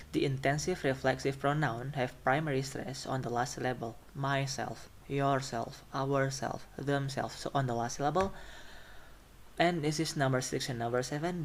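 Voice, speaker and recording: A man's voice: mid-range voice, fairly quick, slight background noise. A man lecturing on phonetics, listing example words and often checking in with the class. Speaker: phonetics teacher.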